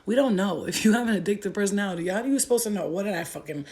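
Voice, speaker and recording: A woman's voice: medium pitch, very fast, darkish tone. A woman in her thirties telling blunt, profane stories in a casual livestream, often laughing as she talks. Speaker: vlogger.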